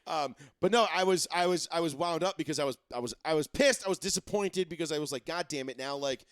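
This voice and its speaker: A man hosting a sports talk show, talking casually and excitably, rambling and swearing often. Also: a little high, fast talker, smooth, no room sound, studio quality. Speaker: sports radio host.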